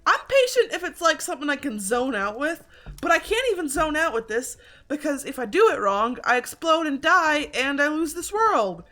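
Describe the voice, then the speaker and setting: A woman's voice: high voice, big pitch swings, moderate pace, sharp tone. A woman streaming a video game, chatting casually and joking at her own expense, with a slightly congested throat. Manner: chatty, self-deprecating, swearing. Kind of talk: casual gaming commentary.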